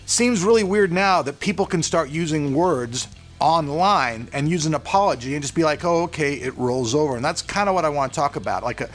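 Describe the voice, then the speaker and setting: A man's voice: fairly high pitch, animated, brisk, a bit bright, faint music behind. A middle-aged man from California, hosting a casual vlog and talking earnestly and loosely, straight to his viewers. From California, USA. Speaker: channel host.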